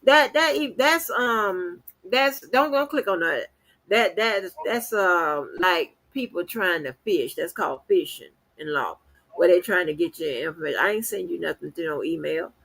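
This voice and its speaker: A woman's voice: fairly low pitch, animated, moderate pace, creaky, a bit bright. A woman hosting a livestream, talking bluntly and defiantly with heavy profanity and repeated words. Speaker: channel host. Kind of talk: livestream rant.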